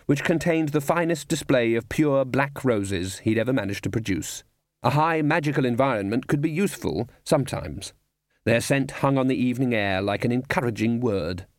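A man narrating an audiobook in a measured, even reading with dry humour. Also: mid-range voice, no room sound.

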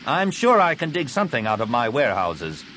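A weary fleet commander snaps out curt orders, his pitch lifting and falling sharply as he commands, as the narrator plays him. A steady hiss runs under the audiobook read. He sounds worn down but still in charge. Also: fairly quick. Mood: stern.

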